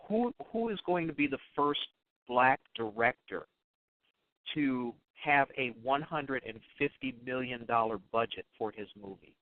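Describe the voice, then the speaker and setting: Halting male radio host on a tinny line. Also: medium pitch. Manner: halting, repeats words while building his point. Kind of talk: casual radio conversation.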